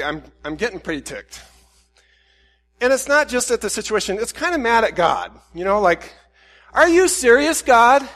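A man preaching a sermon as a pastor, telling a self-deprecating everyday anecdote in an animated way, with frequent restarts. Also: a little high, long reverb tail. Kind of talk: storytelling sermon.

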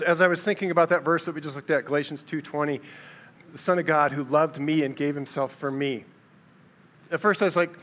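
A man's voice: on the high side, fairly bright tone. A man giving a casual, conversational sermon, telling Bible stories and acting out the lines of the people in them. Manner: conversational, storytelling, acts out quotes with a raised voice. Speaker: preacher.

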